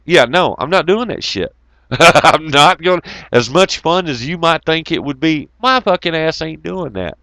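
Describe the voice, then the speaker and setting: A man's voice: a little high, sing-song, normal speed, sharp tone, dry recording. A middle-aged man hosting an online talk show, ranting heatedly with lots of swearing and mocking asides. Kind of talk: profane ranting monologue.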